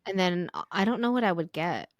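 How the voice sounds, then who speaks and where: A woman's voice: lowish voice, a little fast, dry recording, lo-fi sound. Chatty woman podcaster, dry close mic. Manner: chatty, filler-heavy, animated when quoting. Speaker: podcast co-host. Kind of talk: casual chat, storytelling.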